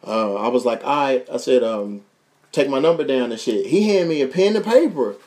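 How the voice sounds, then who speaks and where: Animated young Kentucky man telling a story. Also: mid-range voice, normal speed. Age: young adult. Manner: animated, profane, acts out voices in his story. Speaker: podcast host. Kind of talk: casual storytelling.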